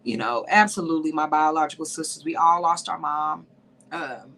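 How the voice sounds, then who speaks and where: A woman's voice: deep voice, moderate pace, a bit bright. A woman hosting a podcast in a livestream, talking to women listeners with heartfelt emotion and tears, saying y'all often. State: teary, sniffling. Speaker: podcast host.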